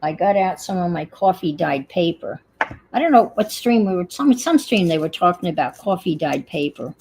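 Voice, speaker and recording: A woman's voice: fairly low pitch, animated, normal speed, gravelly, a little mellow, breathy edge, rough recording. A woman with a New York accent chatting casually and thinking aloud while she crafts at home on a livestream.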